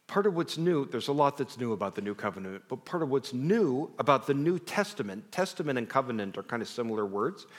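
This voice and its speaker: A middle-aged man preaches to a congregation in a warm, conversational way, mixing personal stories with self-deprecating asides. His pitch rises and falls expressively as he talks. His voice rings out with the long reverb of a large hall. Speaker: pastor. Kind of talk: sermon.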